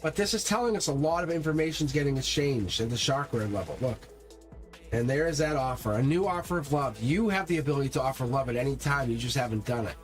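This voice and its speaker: A man's voice: mid-range voice, lively intonation, quick pace. Man, tarot reader, emphatic, talks right at viewers, faint music in the background. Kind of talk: live-stream tarot reading.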